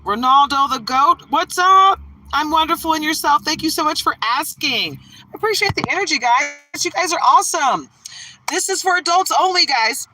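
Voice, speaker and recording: A woman's voice: sits high, lively intonation, normal speed, bright, forceful tone, low-quality recording. Bubbly woman chatting on a livestream. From Detroit, Michigan, USA. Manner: bubbly, greets viewers by name, laughs often. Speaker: livestream tarot reader. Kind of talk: casual livestream chat.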